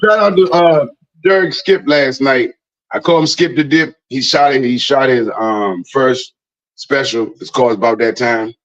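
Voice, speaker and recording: A man joking in laid-back casual talk-show banter, trailing off low. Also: moderate pace, a bit bright. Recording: dull lo-fi audio.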